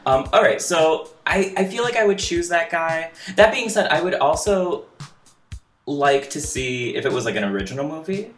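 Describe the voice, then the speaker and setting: Chatty joking man, echoey room. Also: on the high side. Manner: animated, jokey, quick to laugh. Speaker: podcast co-host. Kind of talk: casual chat. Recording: echoey room with faint music.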